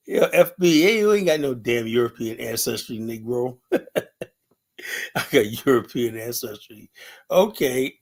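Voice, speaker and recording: A man's voice: medium pitch, takes it slowly, pauses often. A male host gives loose, casual commentary on his own show. He mocks what he plays, breaks into laughter often, and tags his lines with filler words.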